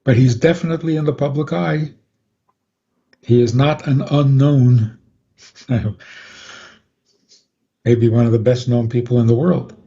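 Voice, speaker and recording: A man, a rabbi, calmly explaining on a radio talk program and chuckling often. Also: mid-range voice, unhurried, pauses often. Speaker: rabbi guest. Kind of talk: radio interview, Torah teaching. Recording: dull lo-fi radio audio.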